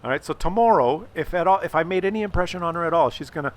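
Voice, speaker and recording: A man's voice: a little high, lively intonation, very fast. A middle-aged man hosting his own channel, giving sly, stammering advice to viewers and swearing freely. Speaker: channel host. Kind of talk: conspiratorial casual advice to viewers.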